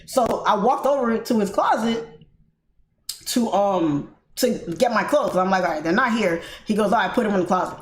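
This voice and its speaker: An American woman hosting a livestream, casually telling a story to her viewers in an animated way, laughing often and calling them guys. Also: mid-range voice, moderate pace. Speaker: livestream host. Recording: echoey room with faint noise.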